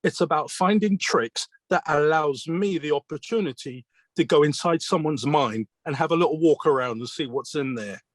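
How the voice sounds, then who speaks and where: A man's voice: on the high side, moderate pace, few pauses, no room sound. British man telling stories, dry close sound. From Britain. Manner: retells mentors' advice as quoted dialogue, with questions and answers; earnest, reflective. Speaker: magician being interviewed. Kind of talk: conversational storytelling.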